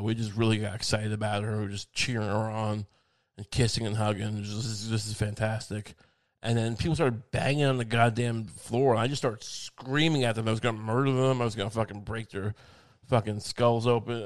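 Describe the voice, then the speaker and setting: A man doing a rambling, profane comic monologue, ranting and drifting from one subject to the next. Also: medium pitch.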